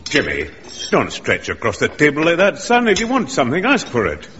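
A stern old grandfather, gruff and scolding, with a bright, sharp voice that jumps up and down. It comes from a muffled old radio recording with a long reverb. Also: fairly high pitch, wildly swooping pitch, fairly quick, slight background noise. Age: older. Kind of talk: 1960s radio sitcom acting.

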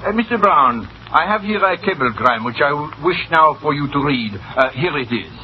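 Actor doing a scheming, hot-tempered cafe boss, theatrical insults, voice swoops all over, old radio-play sound. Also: male voice, fairly high pitch, expressive, moderate pace, background noise, natural voice. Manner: theatrical, hurls insults at full volume. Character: scheming excitable male cafe manager, insulting. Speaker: cafe manager. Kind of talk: 1940s radio acting. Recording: dull old radio broadcast.

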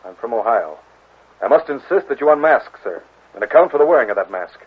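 A man's voice: medium pitch, animated, a little fast, breathy edge. An actor playing a stern, suspicious male army captain who speaks stiffly and formally in an old radio drama. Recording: tinny old radio broadcast.

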